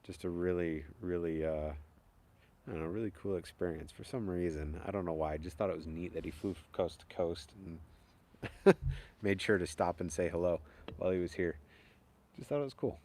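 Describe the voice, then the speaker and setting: A young man from upstate New York, a chainsaw carver hosting a live stream, chats casually and rambles, chuckling often. His voice is low and darkish, at a normal speed.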